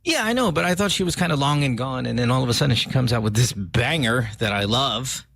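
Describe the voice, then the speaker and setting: A man hosting a morning radio show, loose and joking as he reads listener shout-outs and banters with co-hosts. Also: medium pitch, lively intonation, a little fast, gravelly, no room sound. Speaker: radio host. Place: radio studio.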